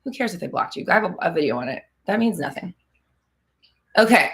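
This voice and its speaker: Her voice sits on the low side, sing-song and fairly bright, and she talks briskly. She's a manifestation coach hosting a live-stream Q&A, casual and blunt, swearing freely and laughing between comments.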